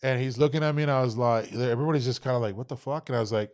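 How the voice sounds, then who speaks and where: A man's voice: medium pitch, rapid-fire. A man in his thirties from Texas, a podcast guest telling stories in casual talk, swearing a lot and acting out what people said. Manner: animated, heavy swearing, acts out quoted exchanges. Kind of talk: casual interview storytelling.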